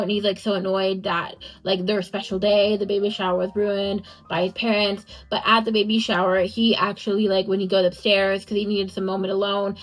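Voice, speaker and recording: A young woman gives a casual, rambling book review to camera, sprinkling her plot recap with "like" and "um". Her voice sits at a middling pitch for a woman. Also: a bit bright, low-quality recording. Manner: chatty, many fillers like "like" and "um".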